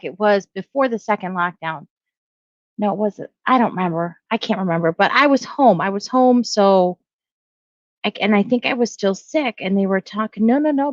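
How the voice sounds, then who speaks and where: A woman's voice: medium pitch, no room sound. Middle-aged woman ranting casually, lots of self-corrections, dry muffled sound. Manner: rambling, self-correcting, reads headlines aloud. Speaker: video blogger. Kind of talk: casual opinion commentary.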